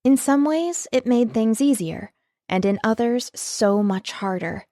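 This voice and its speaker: A woman's voice: a little high, lively intonation, measured pace, mellow, no echo, studio quality. Woman narrating a romance audiobook. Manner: emotive reading. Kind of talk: scripted first-person narration.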